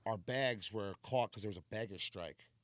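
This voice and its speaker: A man hosting a podcast, telling a travel story in a casual, animated way and swearing freely. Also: on the low side, moderate pace, no room sound. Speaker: podcast host. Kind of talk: casual chat.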